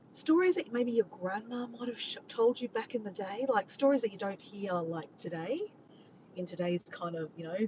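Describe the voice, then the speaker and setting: An Australian vlogger with a medium-pitched, darkish voice chats casually with her live chat viewers while driving, filmed on a phone camera in her car. The recording is muffled, with slight background noise.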